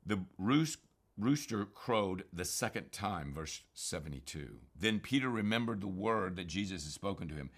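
Emphatic man with a bright, forceful voice. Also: low-pitched, expressive, moderate pace. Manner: earnest, emphatic, with frequent fillers and restarts. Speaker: Bible teacher. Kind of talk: informal scripture commentary.

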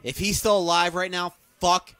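A man's voice: sits high, moderate pace, smooth. A man co-hosting a podcast, casually and crudely ranting as he watches an old wrestling match. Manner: crude, ranting, animated commentary. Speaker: podcast co-host. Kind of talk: casual profane wrestling watch-along chat.

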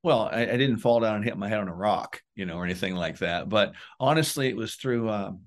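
A man giving emphatic coaching advice in a conversational interview, with lively, punchy bursts. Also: on the low side, a little fast. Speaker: police wellness guest.

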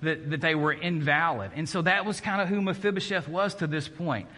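Bright-voiced male preacher in a reverberant hall. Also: on the high side, fairly quick. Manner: conversational and self-deprecating, with many restarts. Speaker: pastor. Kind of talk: sermon.

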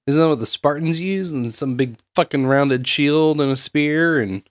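A man's voice: a little high, normal speed, no echo, studio quality. A man co-hosting a casual livestream chat, reading out donations and joking along.

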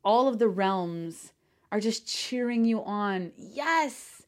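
A woman hosting a solo podcast as a coach, talking effusively with lots of fillers and casual swearing, sometimes near shouting with excitement. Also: mid-range voice, takes it slowly.

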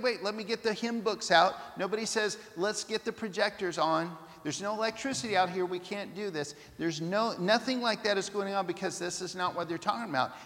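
A male preacher delivers a sermon with an animated, storytelling manner, slipping into the voices of the people he quotes. His voice sits high for a man. The sound carries a long reverb, as if from a large hall.

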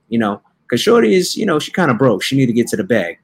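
A young man hosting a podcast, casually recapping a movie in a slangy, joking way and putting on quick voices for the characters. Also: mid-range voice, very animated, breathy edge. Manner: laid-back slangy storytelling with playful quoted voices. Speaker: podcast host. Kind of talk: casual comedic movie review.

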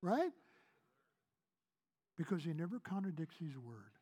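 A man from Kentucky preaching a sermon as pastor, asking the congregation questions and swinging between loud emphasis and soft, hushed lines. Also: on the high side, sing-song, measured pace, breathy edge.

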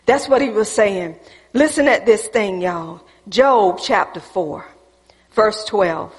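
A woman preacher delivering a sermon in a church, emphatic and folksy, swinging between loud preaching and a hushed near-whisper, calling the congregation y'all. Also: mid-range voice, takes it slowly. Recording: reverberant church hall.

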